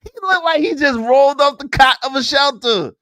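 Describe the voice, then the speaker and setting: Animated mocking male streamer. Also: extremely high pitch, moderate pace, no echo, clean studio sound. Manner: animated, mocking, bursts into song and laughter. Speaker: commentary streamer. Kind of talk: casual reaction commentary.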